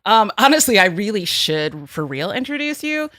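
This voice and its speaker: A woman in her forties hosting a podcast in casual chat, bubbly and animated, laughing often. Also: medium pitch, moderate pace, dry recording, clean studio sound. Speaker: podcast host. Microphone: studio microphone.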